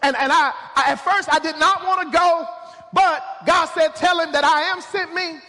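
A man preaching a sermon, building to shouted emphasis with repeated refrains. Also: very high-pitched, fairly even intonation, normal speed. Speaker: pastor. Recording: long hall reverb.

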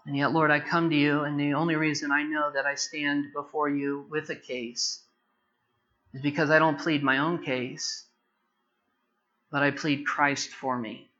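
Bright-voiced impassioned male preacher. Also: a little high, flat delivery, measured pace, muffled recording. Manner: impassioned, rises to loud emphatic preaching. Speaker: pastor. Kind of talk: sermon.

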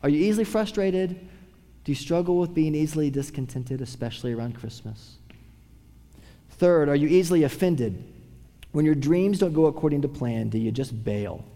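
Guy preaching a sermon, kinda high voice, gets loud then drops to a hush, long hall echo. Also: animated, moderate pace. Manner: preaching with sweeping swings from raised voice to hushed tones. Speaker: pastor.

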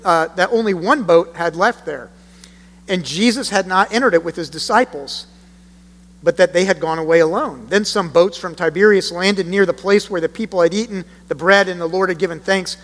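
A high-voiced man preaching from scripture, earnest and emphatic, with deliberate pauses. He reads passages aloud before explaining them as a pastor. His voice rings out with a long reverb in a church sanctuary. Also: fairly bright tone. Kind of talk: sermon with scripture reading. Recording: long reverb of a large hall.

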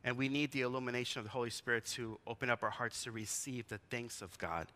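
A man's voice: mid-range voice, steady tone, quick pace, bright, forceful tone. A man in his forties, a pastor giving a conversational sermon in a church, telling stories and asking the congregation questions. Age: 40s.

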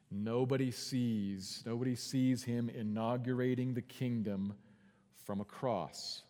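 A man preaching a sermon as pastor, earnest, swinging from quiet and slow to loud and urgent. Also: fairly low pitch, long reverb tail. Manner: earnest preaching with big swings in volume and pace.

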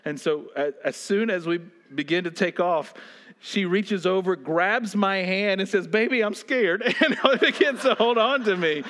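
A man preaching a sermon, reading scripture and then telling a personal story in an animated way, often laughing as he goes. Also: sits high, a little slow. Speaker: pastor.

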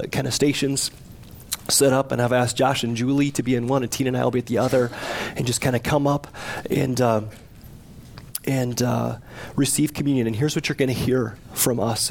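A man pastoring a church service, earnest and gently pleading, with soft laughs as he leads people toward confession. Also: medium pitch. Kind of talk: sermon. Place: church sanctuary.

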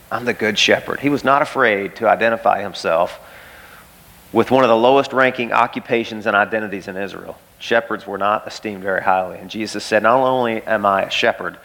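Man, pastor, emphatic sermon, repeated phrases, mid-pitched voice, talks straight to the congregation. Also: a bit bright. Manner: emphatic, repeats key phrases, addresses listeners as guys.

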